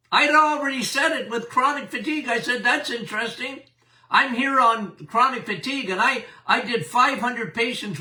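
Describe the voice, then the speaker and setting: A man's voice: very high-pitched, bright, forceful tone, recorded from a distance. An older man, a doctor hosting a podcast, talking casually about health and speaking straight to his listeners in a folksy way. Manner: folksy, addresses listeners directly.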